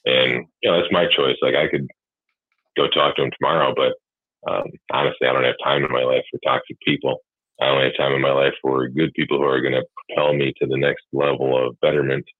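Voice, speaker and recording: A man's voice: very deep voice, little pitch movement, fairly quick, dry recording. A man talking candidly about being a father, rambling and swearing freely. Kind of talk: casual chat. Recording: husky tinny phone-like line, dry.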